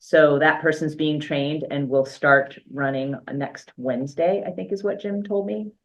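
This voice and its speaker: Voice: medium pitch, a little slow. A school superintendent giving an informal, unscripted report at a board meeting, talking loosely with fillers and restarts and the odd dry joke. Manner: dry, self-aware humor.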